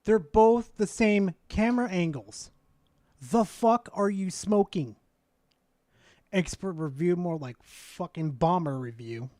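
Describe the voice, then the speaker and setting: Man with a high voice, sarcastic, swearing, mocking, dry close sound. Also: lively intonation, slow, dark tone, no room sound. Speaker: streamer reacting to a video. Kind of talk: casual live-stream rant.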